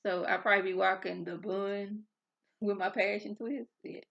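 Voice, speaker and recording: A woman's voice: medium pitch, steady tone, moderate pace, vocal fry, fairly bright tone. A woman in her thirties giving a casual, chatty review of a reality TV episode, rambling off on tangents as she talks. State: a bit irritable before coffee. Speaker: reality TV recap vlogger. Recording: dull lo-fi sound.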